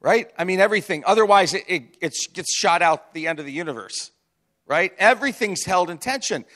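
A man's voice: sits high, expressive, brisk, a bit bright. A man preaching a sermon as pastor, in a chatty, conversational way with frequent asides and restarts.

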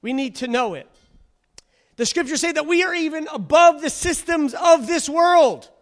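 High-voiced fervent male preacher. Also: normal speed. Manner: fervent, exhorting, calls for congregation responses. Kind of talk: sermon. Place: church before a congregation.

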